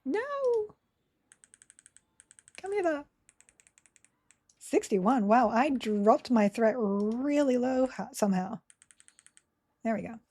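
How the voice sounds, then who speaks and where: A woman's voice: on the high side, animated, slow, pauses often, warm tone. A woman streaming a game live, chatting casually with her viewers and her game characters and giggling often. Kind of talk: casual live gameplay commentary.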